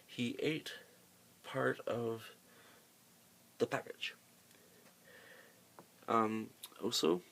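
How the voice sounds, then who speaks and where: A man's voice: mid-range voice, very slow, gravelly, pauses often, fairly bright tone. A man filming himself at home with a handheld camera, ranting in an exasperated, sarcastic, profane way during an unboxing. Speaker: vlogger. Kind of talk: rambling unboxing rant.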